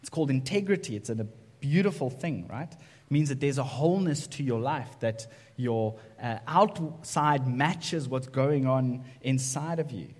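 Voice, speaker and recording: A man's voice: mid-range voice, expressive, unhurried, darkish tone. Man preaching in an echoey church. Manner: conversational, keeps asking "right?". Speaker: pastor. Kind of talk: sermon. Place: church sanctuary. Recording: echoey church hall reverb.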